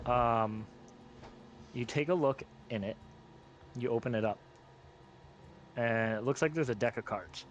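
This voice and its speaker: A man's voice: mid-range voice, unhurried, long pauses, dull audio, a little hiss or hum. A man narrating as game master of a tabletop game, in a casual, hesitant way with many fillers.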